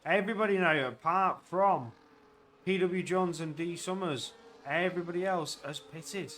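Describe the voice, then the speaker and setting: A man giving live commentary on an online sim race, getting loud and excited at crashes and overtakes. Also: high-pitched, moderate pace.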